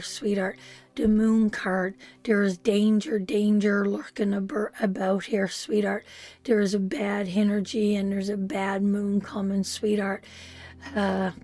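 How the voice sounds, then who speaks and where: A woman's voice: mid-range voice, little pitch movement, slow, dark tone, faint music behind. A woman giving a live tarot reading, emotional and repetitive, calling the listener sweetheart. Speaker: tarot reader.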